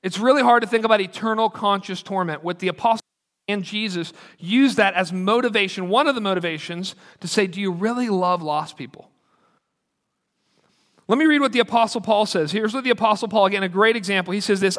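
A man preaching a sermon as a pastor, earnest and full of stories, who slows down to read quotes. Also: high-pitched, a bit bright, long reverb tail.

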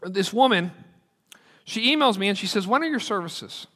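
A man preaching a sermon as a pastor, earnest and full of stories, who slows down to read quotes. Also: sits high, expressive, fairly bright tone, long reverb tail.

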